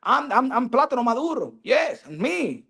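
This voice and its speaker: A man putting on a cocky male boxer who taunts rivals loudly, switching between English and Spanish. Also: extremely high pitch, sing-song, moderate pace, creaky, husky, pitched above the performer's own voice, exaggerated voice. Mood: taunting. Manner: loud swaggering taunts mixing English and Spanish. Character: brash cocky male Dominican boxer talking trash.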